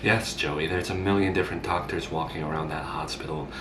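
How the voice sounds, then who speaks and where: A man's voice: low voice, fairly even intonation, brisk, fairly bright tone, roomy sound, recorded from a distance, a little hiss or hum, voice pushed down. A man voicing a fussy, worried older mother who lectures her grown son about germs and doctors. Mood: nagging. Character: nagging, meddling older mother.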